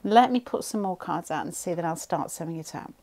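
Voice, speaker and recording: A woman's voice: fairly low pitch, animated, a little fast, darkish tone. A woman giving a pick-a-card tarot reading at home, thinking aloud and rambling, often restarting her sentences.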